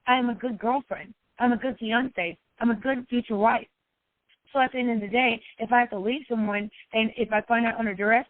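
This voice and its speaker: A woman's voice: dry recording, narrow, tinny audio. A woman life coach talking personally to her followers, emotional and repetitive. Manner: emotional, repetitive, sometimes cries out high.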